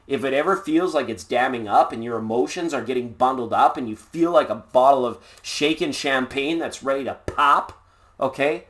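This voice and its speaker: A man hosting a casual live tarot reading, laid-back and upbeat, rambling with jokes and puns. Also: medium pitch. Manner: playful, jokey, rambling with puns. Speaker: tarot reader and live stream host.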